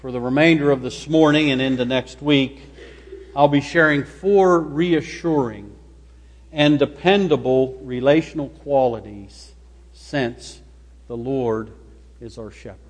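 A man preaching a sermon as pastor, slow and emphatic, stressing single words. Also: mid-range voice, in a large hall. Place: church sanctuary.

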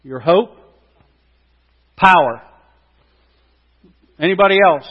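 A pastor preaches a sermon at a measured pace with long pauses, his slightly higher voice building to impassioned, loud peaks on key points. A long hall reverb rings around him, and the recording is dull and lo-fi.

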